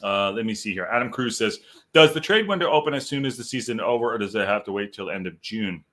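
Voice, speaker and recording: A man's voice: fairly low pitch, animated, quick pace, a bit bright. A man hosting a live football podcast, chatting loosely and reading articles aloud with rambling asides. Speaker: podcast host. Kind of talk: live-stream podcast chat.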